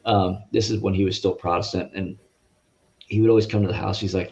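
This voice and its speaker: Guest man, low-pitched, earnest and halting, on a dull lo-fi video call line. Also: fairly even intonation, gravelly, a little mellow. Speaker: interview guest. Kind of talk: personal faith testimony. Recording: muffled lo-fi audio.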